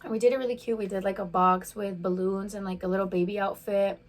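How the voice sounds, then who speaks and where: A woman in her twenties telling a personal story on a casual vlog while eating, talking fast with lots of "like" fillers. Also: medium pitch, flat delivery. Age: 20s. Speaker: vlogger.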